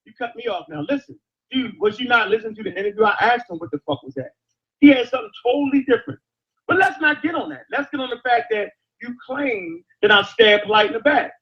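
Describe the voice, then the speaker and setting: A man's voice: extremely high pitch, lively intonation, quick pace, bright, forceful tone, highs cut off. A man in a heated live-chat argument, defensive and insistent, pressing his points with curses.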